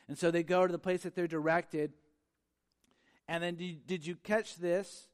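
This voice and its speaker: A man preaching a sermon in a conversational, animated way, acting out little quoted exchanges and at times dropping to a soft, quiet voice. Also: high-pitched, normal speed, smooth. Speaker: pastor.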